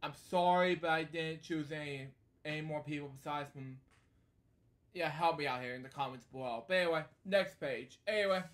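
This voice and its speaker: A man's voice: fairly high pitch, moderate pace, a bit bright. A man hosting a casual bedtime storybook read-aloud, rambling off into asides and filling gaps with "anyway" and "so there you go". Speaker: storybook reader and host.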